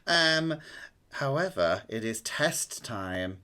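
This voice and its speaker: A man running a tabletop game as game master, explaining rules in a relaxed, rambling way with many ums. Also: medium pitch, slow pace.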